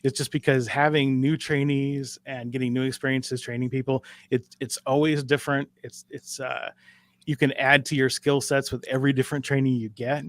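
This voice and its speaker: A man's voice: mid-range voice, little pitch movement, normal speed, dry recording. A middle-aged man from Alaska, a dispatch trainer talking as a podcast guest, easygoing and self-deprecating, with many fillers. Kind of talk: casual interview chat.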